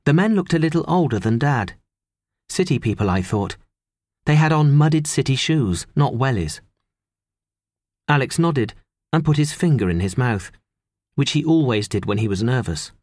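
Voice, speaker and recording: A man's voice: mid-range voice, lively intonation, normal speed, long pauses, a little mellow, no room sound. A man narrating a children's novel as an audiobook, telling the story expressively on a close studio mic. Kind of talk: scripted narration.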